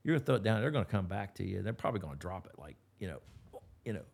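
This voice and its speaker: Gravelly low Appalachian man. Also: big pitch swings, rapid-fire, darkish tone. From West Virginia. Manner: folksy, rambling with repeated restarts. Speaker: guest bird dog trainer. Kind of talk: casual interview talk.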